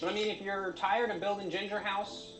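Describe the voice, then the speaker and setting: A man narrating his own craft video in a dry, deadpan comic way, with frequent filler sounds. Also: high-pitched, brisk, roomy sound, poor audio.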